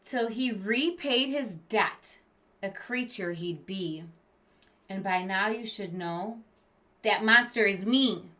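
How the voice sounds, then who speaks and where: A woman voicing a creepy male monster substitute teacher, reciting his rhymes loud and emphatic. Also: medium pitch, takes it slowly. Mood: ominous. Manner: rhyming storyteller delivery, loud and emphatic.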